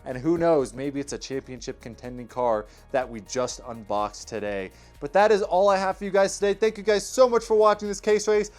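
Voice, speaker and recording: Young male host, high voice, upbeat race-caller delivery over faint music. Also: brisk, hardly any pauses. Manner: energetic play-by-play commentary. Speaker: toy car race host. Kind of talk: race commentary vlog.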